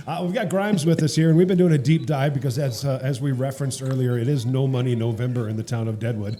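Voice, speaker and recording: A male podcast host who talks quickly and casually and keeps things jokey. His voice sits at an ordinary middle pitch. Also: warm tone. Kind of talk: casual chat.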